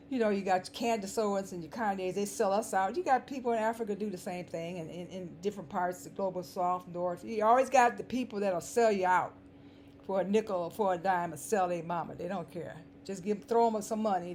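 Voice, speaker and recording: A vlogger with a dry, scratchy voice delivers an emphatic, sarcastic commentary monologue, repeating words to stress them. Her voice is mid-range and a little mellow.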